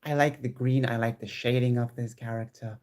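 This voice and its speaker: Casual home vlogger, male, mid pitch, eager and rambling, restarts his sentences a lot. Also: brisk. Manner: chatty and excitable, with many restarts. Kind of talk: casual chat to camera. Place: home room with squeaky chairs.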